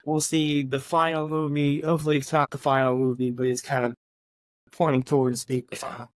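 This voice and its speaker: Man, podcast co-host, casual movie chat, a bit high-pitched, dry close sound. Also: fairly quick, no room sound. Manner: animated, swearing, retells scenes with excited pitch jumps.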